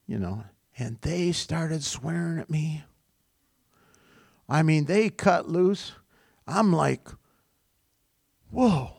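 Gravelly-voiced man preaching casually. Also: medium pitch, dry recording, clean studio sound. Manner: conversational, rambling storytelling with chuckles. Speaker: pastor. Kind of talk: informal sermon.

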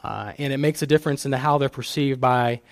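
Speaking fairly quickly in a medium pitch on a dry recording, this middle-aged man is a guest speaker at church. His talk on fatherhood is built from personal stories, with many restarts along the way.

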